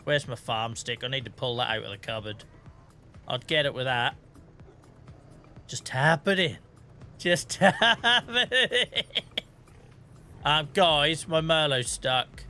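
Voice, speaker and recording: A man's voice: mid-range voice, a little slow, long pauses, sharp tone, faint music behind. A man in his thirties streaming a farming game, telling stories in a chatty way with swearing and laughter. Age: 30s. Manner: chatty, swears and laughs a lot while storytelling. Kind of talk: casual gameplay chat.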